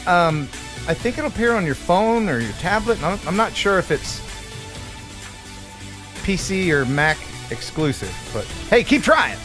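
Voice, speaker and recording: A man's voice: high voice, very animated, measured pace, over music. A man from the USA hosting a live stream in casual chat, playful and joking, laughing often.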